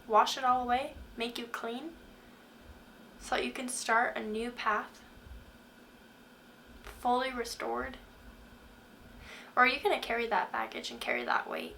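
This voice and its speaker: A woman's voice: high voice, creaky, fairly bright tone, a little hiss or hum. A woman hosting a faith talk, speaking earnestly and asking the listener many questions. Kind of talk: devotional talk to camera.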